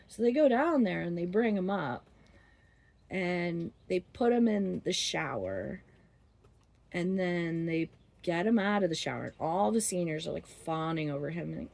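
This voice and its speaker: A woman's voice: lowish voice, lively intonation, moderate pace, darkish tone. Rambling, laughing woman telling a story. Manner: rambling, laughs often, many fillers. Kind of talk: casual spoken storytelling.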